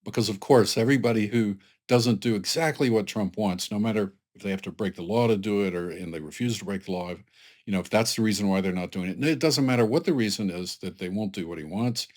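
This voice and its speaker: A man with a fairly low voice, talking through political commentary in a loose, rambling way. He is emphatic and sarcastic and often restarts his sentences. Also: quick pace, a little mellow.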